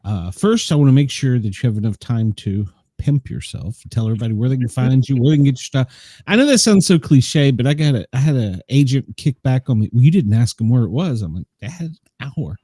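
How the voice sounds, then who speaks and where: Mellow-voiced male podcast host. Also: medium pitch, expressive, fairly quick, no echo, studio quality. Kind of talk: casual interview.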